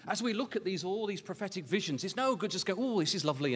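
Man, preacher, Bible school sermon, high lively voice, earnest repeated questions, long hall reverb. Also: fast, few pauses, husky. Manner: swings from hushed low reading to raised emphatic exhortation.

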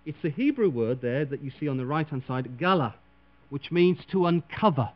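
Man preacher, animated and dramatic, fairly high voice, lo-fi recording with mains hum. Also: moderate pace. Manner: dramatic, voices quoted figures with big swings in pitch and loudness. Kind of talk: sermon.

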